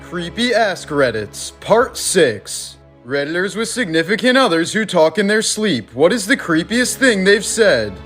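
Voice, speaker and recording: A man reading creepy stories for a short video compilation in an even, measured way. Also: high voice, faint music behind. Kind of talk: narrating a compilation clip.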